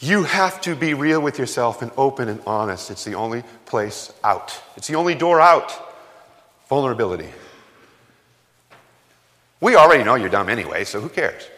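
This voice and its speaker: A man's voice: medium pitch, very animated, normal speed, long pauses, pushed and bright. A man preaching a sermon as pastor, emphatic and conversational, firing rhetorical questions at his congregation in a church. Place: church sanctuary. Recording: long hall reverb.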